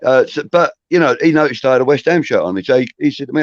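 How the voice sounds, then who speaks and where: A man's voice: mid-range voice, fast talker, no room sound, lo-fi sound. A man telling a story in casual chat, swearing and acting out the dialogue. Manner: animated, swearing, acts out quoted dialogue.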